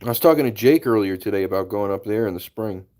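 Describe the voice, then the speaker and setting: A man's voice: on the low side, expressive, fast talker, dark tone. A man hosting a casual livestream, chatting and laughing as he greets viewers by name. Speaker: livestream host. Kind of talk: casual live-stream chat.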